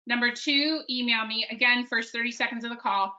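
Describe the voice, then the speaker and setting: A woman in her thirties leads a live sales workshop, talking straight to the group in a lively, conversational way. Her voice sits a little high and rings bright and forceful. The recording is dull and lo-fi. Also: normal speed. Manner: energetic, conversational, addresses group as guys. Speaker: sales coach.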